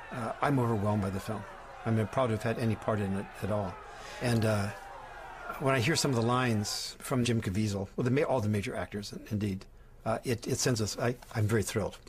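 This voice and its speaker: A man interviewed as a language consultant for a film, speaking in a measured, explanatory way. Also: fairly low pitch, noisy background. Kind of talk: documentary interview.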